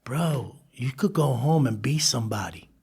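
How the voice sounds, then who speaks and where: A man as a podcast guest, telling his life story in an animated way, laughing and acting out the people he quotes. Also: medium pitch, moderate pace, gravelly, husky. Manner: animated, laughs through stories, acts out quoted voices. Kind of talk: storytelling interview.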